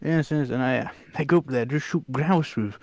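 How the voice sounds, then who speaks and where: A man putting on a pompous, plummy upper-class English voice, boasting with drawn-out hums. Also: mid-range voice, dry recording, close to an everyday voice.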